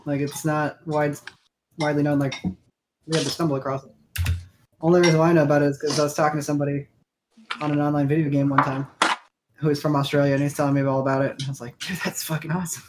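A man's voice: fairly high pitch, flat delivery, quick pace, pauses often. A man co-hosting a casual podcast in a laid-back, slangy way, teasing the others. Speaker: podcast co-host. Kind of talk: casual chat. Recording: noticeable background hiss.

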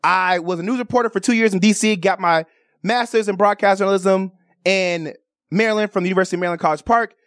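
A woman's voice: medium pitch, fast, dry recording, studio quality. A woman from Chicago hosting a radio and TV talk show, chatting casually with playful, theatrical outbursts. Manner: animated, playful, theatrical cries and bird calls. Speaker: radio and TV host. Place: radio studio.

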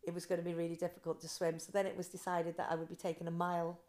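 A woman guest on a podcast, telling her swim story with animated quoted voices. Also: fairly low pitch, racing. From Britain. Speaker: guest, ice swimmer. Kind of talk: casual interview storytelling.

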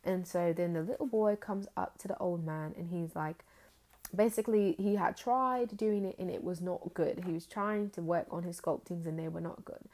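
Young woman for a casual faith vlog: heartfelt, rambling, low and mellow. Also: moderate pace. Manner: earnest, rambling, full of "like" fillers.

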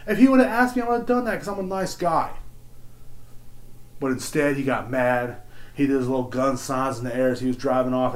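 A man ranting alone into his podcast mic, crude and full of swearing. He rambles from one gripe to the next. His voice jumps between loud, excited bursts and low, half-swallowed mutters. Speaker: podcast host. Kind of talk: casual solo podcast rant.

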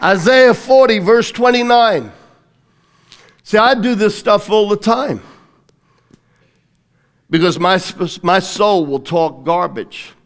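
A man's voice: high voice, slow pace, long pauses, some chatter behind. A man preaching a sermon with fervent emphasis, leading his congregation in phrases to repeat after him. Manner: fervent, emphatic preaching, swinging between loud declarations and quieter teaching. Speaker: pastor.

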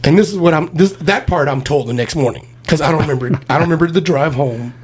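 A man with a husky, slightly rough voice and a drawl rattles through a drinking story at a quick clip. He is loose and profane, jumping into other people's voices as he retells the night. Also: a little high. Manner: profane, animated storytelling with acted-out quotes. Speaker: podcast host telling stories. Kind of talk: casual storytelling chat.

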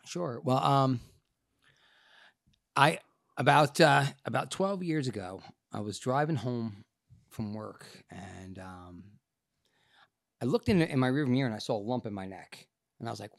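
A man, an actor and podcast guest, telling a personal story in a casual, animated and profane way, acting out the people in it. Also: medium pitch, moderate pace, gravelly, no room sound, studio quality.

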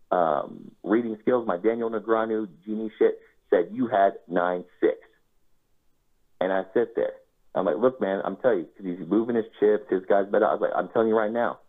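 A man's voice: on the low side, a little fast. A man telling a casual first-person anecdote, swearing freely and acting out his own quoted lines. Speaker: storyteller. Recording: tinny phone-like sound.

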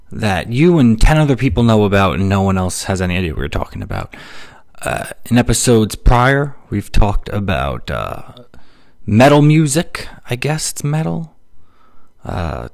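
A man's voice: fairly low pitch, creaky. Sarcastic man ranting as podcast host. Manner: ranting, sarcastic, mocking people in put-on quotes. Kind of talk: solo comedic podcast rant. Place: New York City.

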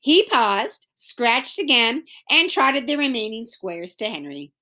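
A woman reader brings a children's chapter book to life slowly and expressively, her pitch swinging widely. Her voice is bright and sits fairly high.

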